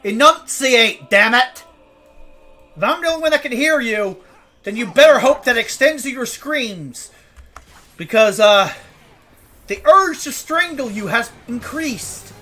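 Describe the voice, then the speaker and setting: Joking, profane woman streamer, higher voice. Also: animated, unhurried, a bit bright, faint music behind. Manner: joking, profane, ranting, laughs often. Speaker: game streamer. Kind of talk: casual live gameplay commentary.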